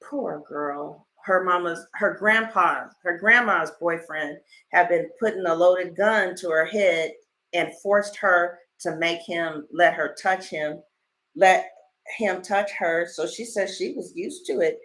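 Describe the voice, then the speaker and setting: A woman tarot reader in a casual livestream, telling stories in an animated, blunt way and swearing freely. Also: on the low side, a little slow.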